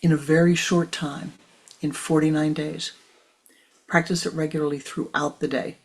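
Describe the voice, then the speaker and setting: Speaking slowly and softly, a woman spiritual teacher offers a guided teaching, her measured voice frequently dropping to a whisper. It sits low, with a flat delivery.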